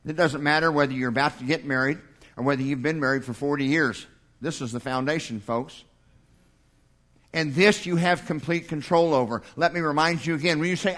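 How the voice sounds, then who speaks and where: An older man preaching a sermon with a folksy, humorous touch. His voice sits fairly high for a man, and he slips into small acted-out exchanges. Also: a little fast, fairly bright tone. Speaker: pastor.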